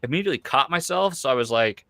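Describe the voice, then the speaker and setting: A man's voice: mid-range voice, animated, quick pace, sharp tone, no echo, clean studio sound. A man in his thirties hosting a podcast in casual chat, rambling and full of fillers like "like" and "you know". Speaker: podcast host.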